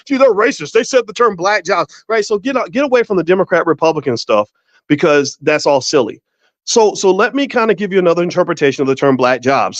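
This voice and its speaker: Middle-aged male host, animated storyteller, folksy restarts, slightly high voice, dry dull lo-fi sound. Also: dry recording. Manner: folksy, repeats himself and restarts often. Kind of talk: casual commentary monologue.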